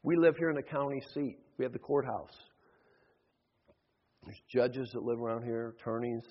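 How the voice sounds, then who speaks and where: A man preaching a sermon as pastor, acting out voices in his stories and swinging between loud calls and hushed asides. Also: mid-range voice, steady tone, moderate pace. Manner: acts out voices in stories, shifts between shouting and hushed tones. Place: church sanctuary. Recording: dull sound, long hall reverb.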